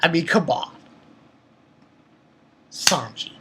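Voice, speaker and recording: A man casually recapping a manga chapter for his channel, rambling and excitable, with lots of fillers and restarts. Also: fairly high pitch, slow, a little hiss or hum. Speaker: manga review channel host.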